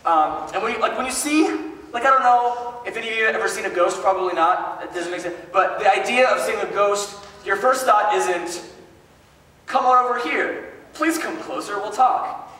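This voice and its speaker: A man preaching a sermon in a casual storytelling way, joking and animated with chatty asides. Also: high-pitched, a little fast. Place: large hall. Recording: echoey hall from far off.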